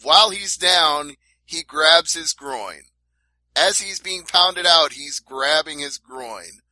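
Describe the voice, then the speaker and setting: Bright-voiced emphatic male podcast co-host. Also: fairly high pitch, slow, dry recording, low-quality recording. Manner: emphatic, lays out events step by step. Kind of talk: casual MMA talk.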